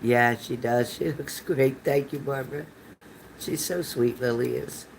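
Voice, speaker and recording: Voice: medium pitch, steady tone, a little slow, vocal fry, low-quality recording. Older tarot reader, chatty, rambling, reassuring, live-streamed reading, faint background noise.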